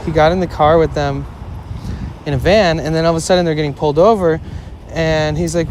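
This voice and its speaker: A man's voice: a little high, fairly even intonation, a little fast, a little mellow. A young man streaming live, telling a story in a rambling, casual way, full of "like" fillers, swearing and short laughs. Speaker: IRL streamer. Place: outdoors in a city. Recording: outdoor street noise.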